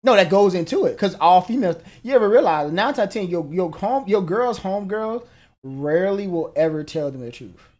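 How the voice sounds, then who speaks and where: A man talking fast in loose, profane podcast chat. His pitch sits a little high and swings widely. He acts out both sides of quarrels as he goes. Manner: animated, slangy and profane, acts out quoted exchanges. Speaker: podcast co-host. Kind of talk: casual chat.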